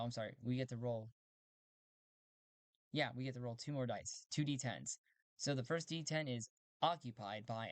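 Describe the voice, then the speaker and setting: A man's voice: mid-range voice, no echo. A man playing a solo tabletop game, narrating as he thinks aloud, correcting himself often and laughing easily.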